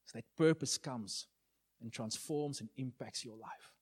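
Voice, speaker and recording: A man in his forties preaching a sermon in a church, telling his story dramatically and swinging from loud, excited lines to hushed ones. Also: mid-range voice, measured pace, breathy edge.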